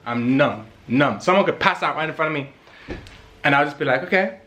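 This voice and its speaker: A young man from England, telling a story in a casual vlog in an animated, emphatic way, repeating lines for effect. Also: fairly high pitch, a little fast, a little hiss or hum.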